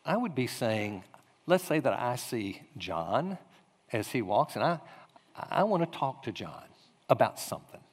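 A man's voice: mid-range voice, unhurried, slightly rough. A male pastor giving a conversational sermon, telling a story and acting out the quotes. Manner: storytelling with animated acted-out quotes. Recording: echoey hall reverb.

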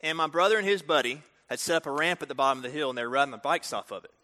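A man preaching a storytelling sermon, talking directly to the audience in an animated way. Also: on the high side, very fast. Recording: reverberant hall.

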